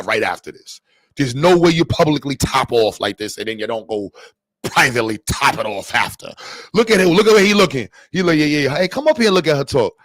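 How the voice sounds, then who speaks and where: A man hosting reaction commentary, animated and laughing, full of crude slang. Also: mid-range voice, no room sound, clean studio sound. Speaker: commentary host.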